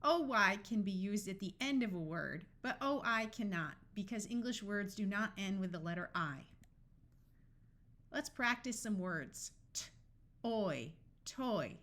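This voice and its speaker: A woman teaching a phonics lesson, sounding out each word slowly, one sound at a time. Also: medium pitch, lively intonation, a bit bright. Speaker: phonics tutor. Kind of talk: slow, carefully enunciated reading lesson.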